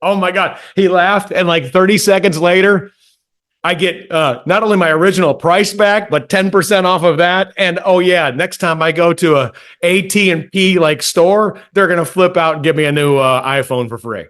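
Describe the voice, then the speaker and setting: This man's voice sits high and is a bit bright, moving at a moderate pace. He's from Texas and co-hosts a podcast, where he spins a rambling, profane story full of stammering restarts in a casual storytelling chat.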